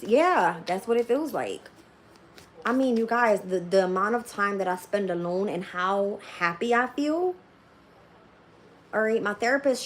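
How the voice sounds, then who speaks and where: Woman tarot reader, blunt and foul-mouthed, mid-range voice, faint hiss behind. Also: medium pitch. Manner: profane, blunt and emphatic; laughs often while talking. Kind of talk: casual live-stream rant.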